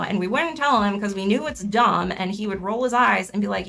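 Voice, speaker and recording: A woman's voice: mid-range voice, moderate pace, vocal fry, few pauses, a bit bright, faint music behind. A young woman streaming a crafting session in casual chat, rambling, correcting herself and laughing often.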